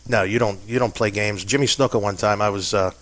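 A Pennsylvania man with a fairly low voice tells long, chatty stories in a casual interview. He pokes fun at himself as he goes, and the recording is dry and close with no room sound. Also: steady tone, fairly quick, a bit bright, no room sound. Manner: chatty anecdotal storyteller, self-deprecating. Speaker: interview guest.

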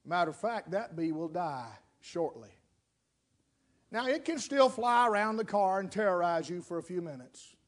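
A steady father talking his frightened daughter down in slow, reassuring words, as a male preacher acts him out. His voice stays high and measured, without hurry. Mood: soothing.

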